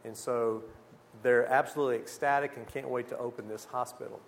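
A man giving a church mission presentation with slides, a lively storyteller who acts out the conversations he describes. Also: medium pitch, a little fast, slight background noise. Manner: lively storyteller, acts out dialogue, exclaims "whew". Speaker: missionary speaker.

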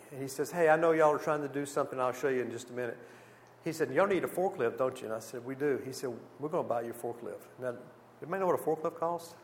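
Man telling lively mission stories. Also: medium pitch. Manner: lively storyteller, acts out dialogue, exclaims "whew". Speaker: missionary speaker. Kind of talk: church mission presentation with slides.

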